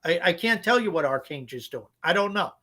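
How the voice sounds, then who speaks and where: Podcast co-host, male, high voice, blunt profane ranter. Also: lively intonation, fairly quick, sharp tone. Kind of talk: casual podcast chat.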